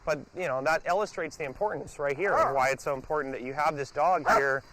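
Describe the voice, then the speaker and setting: A dog trainer with a somewhat high, slightly bright voice talks fairly quickly as he explains his method during a hands-on session. He breaks off now and then to give the dog short, firm commands.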